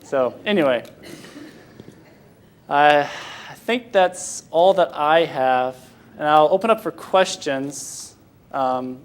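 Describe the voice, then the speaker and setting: A young man from Michigan in the US, his voice a little high, talks informally at Sunday school. He hesitates and keeps starting his sentences over, then takes questions.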